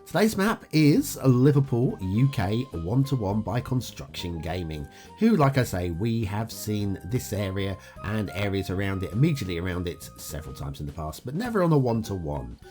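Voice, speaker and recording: A man's voice: lowish voice, sing-song, moderate pace, darkish tone. A man hosting a game review show, talking through gameplay in an upbeat, chatty way with frequent "uh" fillers. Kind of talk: casual gameplay commentary. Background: faint guitar music.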